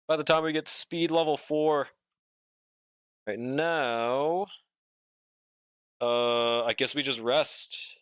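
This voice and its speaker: A man's voice: medium pitch, a bit bright, no room sound, clean studio sound. A young man streaming a game, chatting casually with viewers and swearing often, and sounding a bit sleepy. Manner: laid-back, drawling, swears often, reads and answers chat. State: yawning, sleepy. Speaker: gaming streamer. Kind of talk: casual live-stream chat while playing.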